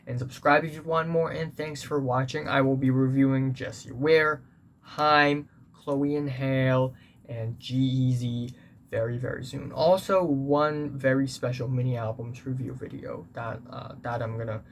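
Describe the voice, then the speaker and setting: A man reviewing a music album in a casual, earnest way, pausing often with fillers and restarts. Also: mid-range voice, fairly even intonation.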